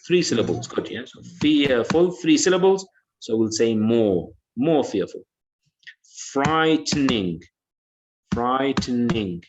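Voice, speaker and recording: A man's voice: medium pitch, sing-song, moderate pace, background noise. Patient male teacher, dull lo-fi audio. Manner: patient, repeats words and says "yeah" often. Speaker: English teacher. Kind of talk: online class lesson.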